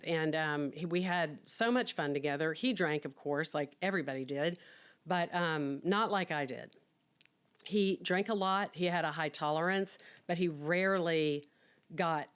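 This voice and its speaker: Middle-aged lady with a deep voice telling her story, super frank and chatty, acts out what people said. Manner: frank and chatty, acts out quoted dialogue with laughs. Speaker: podcast guest telling her life story. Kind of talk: candid personal storytelling.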